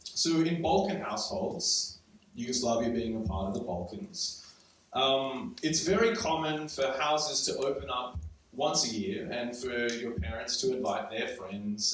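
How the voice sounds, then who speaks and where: A man's voice: mid-range voice, a bit bright. A young man from Serbia, raised in Australia, telling a wry, conversational story to a live audience with frequent ums. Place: event room before a live audience. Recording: very echoey room from far off, faint noise.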